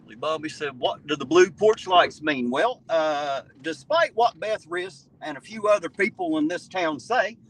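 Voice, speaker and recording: A man's voice: fairly high pitch, expressive, normal speed, few pauses, distant mic, rough recording. A man hosting a live stream, chatting casually, crude and mocking, swearing freely. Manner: profane, crude, mocking, joking. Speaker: livestream host. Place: outdoors at night, riding in a vehicle.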